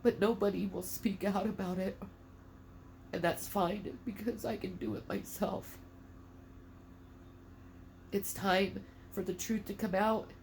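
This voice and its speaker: A woman's voice: mid-range voice, steady tone, takes it slowly, pauses often, darkish tone. Middle-aged mother, emotional and defiant, swearing, teary; home-video monologue with faint background noise. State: tearful, emotional. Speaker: mother speaking out.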